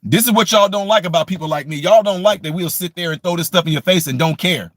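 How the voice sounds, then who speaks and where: A man's voice: sits high, fast talker, no room sound, clean studio sound. A man delivering a combative, mocking political rant as a commentary vlogger from the United States, repeating his points with scorn. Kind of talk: ranting opinion monologue.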